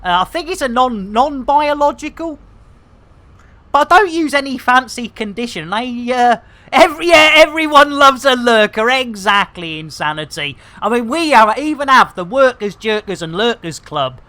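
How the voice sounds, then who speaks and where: A woman's voice: on the high side, lively intonation, normal speed, pushed and bright. A woman streaming a space game live, rambling through bawdy jokes and banter. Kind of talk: casual live gameplay commentary.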